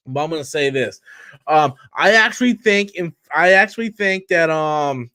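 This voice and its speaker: A tired man with a fairly high voice rants on his live stream in a blunt, profane way. He talks loosely and rambles, dropping casual swears as he goes. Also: fairly bright tone, no echo.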